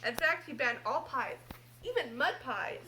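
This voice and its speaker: A woman's voice: sits high, animated, a little slow, bright, forceful tone, a little hiss or hum, rough recording. A girl reading a silly picture book aloud at home, playful and stumbling over hard words, with chatty asides. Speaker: reader.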